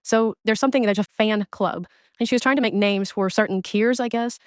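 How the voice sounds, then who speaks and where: Woman, commentary creator; exasperated, blunt delivery; smooth voice, dry close recording. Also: medium pitch, brisk, dry recording. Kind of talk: ranting commentary on another streamer.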